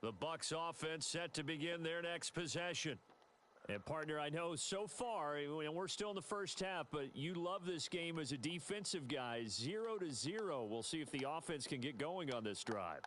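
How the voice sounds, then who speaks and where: A man voicing a steady male football play-by-play announcer in a video game, calling plays briskly and evenly. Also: a little high, slight background noise. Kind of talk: scripted sports commentary.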